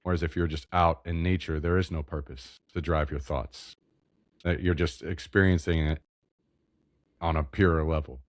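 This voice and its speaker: A man appearing as a podcast guest, speaking haltingly and searching for his words. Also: rumbling low, steady tone, dry recording, studio quality. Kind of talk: casual chat.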